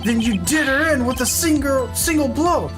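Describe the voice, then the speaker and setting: A woman voicing a nervous, fussy middle-aged male witness in a video game, high-pitched and stammering. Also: expressive, moderate pace, over music. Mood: flustered.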